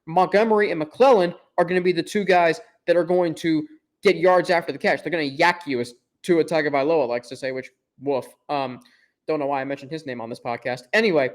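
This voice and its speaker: A young man hosting a sports podcast, giving confident, emphatic opinions with self-deprecating asides. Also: sits high. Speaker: podcast host.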